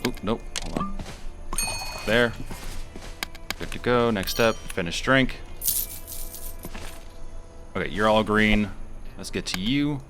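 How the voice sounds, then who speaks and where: Wry man narrating gameplay, bright voice. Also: fairly low pitch, slow, pauses often, faint music behind. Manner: wry, chatty, talks to himself while playing. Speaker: gameplay streamer. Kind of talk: casual gameplay commentary.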